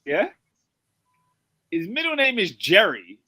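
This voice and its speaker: A man's voice: sits high, wildly swooping pitch, slow pace, bright, forceful tone, breathy edge. A young man, co-hosting a football podcast, setting a player quiz with restarts and chuckles. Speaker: podcast co-host. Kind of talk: casual football chat.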